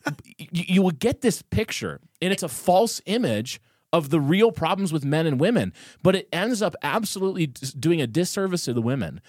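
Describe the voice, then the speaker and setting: A man's voice: on the high side, big pitch swings, moderate pace, darkish tone, dry recording, clean studio sound. A man co-hosting a podcast, out of breath and talking in a heated, emphatic way. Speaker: podcast co-host. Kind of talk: casual chat.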